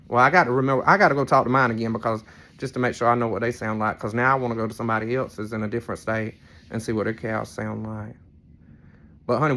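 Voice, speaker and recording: This vlogger has a mid-range voice with a fairly bright tone. He talks casually to his audience, wandering from story to story and slipping in playful teasing remarks.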